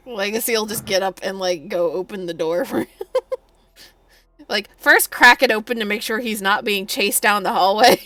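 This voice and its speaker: A woman's voice: medium pitch, moderate pace, pushed and bright, no echo. A woman playing a tabletop game, giggling and swearing casually. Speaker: player.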